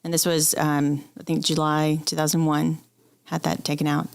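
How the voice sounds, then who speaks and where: A woman with a low voice tells her personal story as a podcast guest. She speaks candidly, and emotion runs close to the surface. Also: completely flat delivery, moderate pace, creaky, clear, resonant tone. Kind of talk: personal interview conversation.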